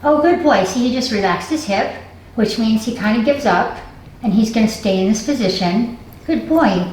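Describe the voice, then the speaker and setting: A woman dog trainer giving a hands-on lesson, explaining calmly and coaxing the dog with upbeat praise. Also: fairly high pitch, moderate pace. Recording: distant, echoey, faint noise.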